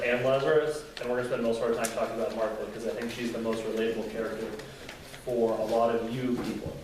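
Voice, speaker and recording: A man's voice: mid-range voice, slight background noise. Young man teaching in an echoey hall. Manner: conversational, acts out quotes with feeling. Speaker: youth Bible teacher. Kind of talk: casual Bible lesson. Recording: very echoey room, distant mic, faint ambience.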